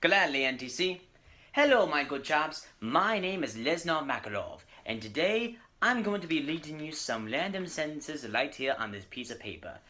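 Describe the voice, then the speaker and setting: A teen doing a pompous fake-posh chap. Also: male voice, on the high side, big pitch swings, normal speed, sharp tone, voice pushed down. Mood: mock-posh. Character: pompous male host in a put-on English accent.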